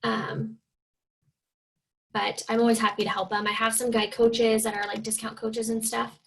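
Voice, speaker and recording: A woman's voice: on the high side, level tone, moderate pace, gravelly, low-quality recording. A young woman from Oregon, speaking as a guest on a team video call, chatty and full of fillers, often acting out the people she quotes. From Oregon, USA. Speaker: guest speaker, fitness coach. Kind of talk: casual team call talk.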